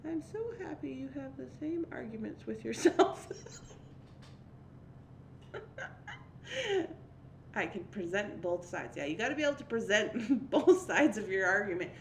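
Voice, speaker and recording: A woman's voice: a little high, very animated, measured pace, pauses often, roomy sound, slight background noise. A young woman hosting a casual livestream chat, laughing often and reading viewer comments aloud. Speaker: livestream host.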